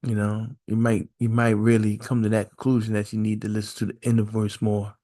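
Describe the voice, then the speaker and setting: A man's voice: lowish voice, completely flat delivery, fairly quick, mellow. A man hosting a solo podcast, musing aloud in a casual, repetitive way and firing off one rhetorical question after another. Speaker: podcast host.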